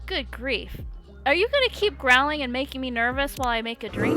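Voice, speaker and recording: High, lively woman gaming over loud music. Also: normal speed. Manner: excitable, exclaims often and laughs. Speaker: gaming streamer. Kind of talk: let's play commentary. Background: loud game music.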